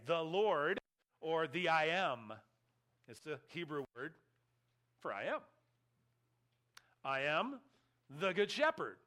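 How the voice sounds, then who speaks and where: Man, preacher, sermon, emphatic, wry asides, bright tense tone. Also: fairly high pitch. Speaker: pastor.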